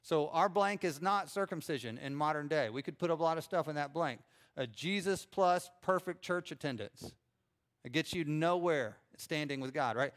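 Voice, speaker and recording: A middle-aged pastor preaching a sermon in a conversational way, with frequent fillers and restarts. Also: male voice, a little high, moderate pace.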